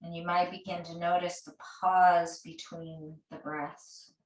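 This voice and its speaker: A woman leads a restorative yoga class at an unhurried pace, her gentle, soothing cues drifting through slow breath counts. Her voice sits a little back from the mic, and the room adds a roomy echo. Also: lowish voice, little pitch movement, recorded from a distance. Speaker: yoga teacher.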